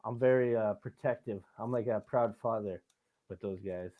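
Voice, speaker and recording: A man's voice: fairly low pitch, moderate pace. A man hosting a podcast, telling stories in casual chat with lots of swearing and laughing. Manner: profane, animated storytelling with frequent laughs. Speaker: podcast host. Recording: tinny phone-like audio.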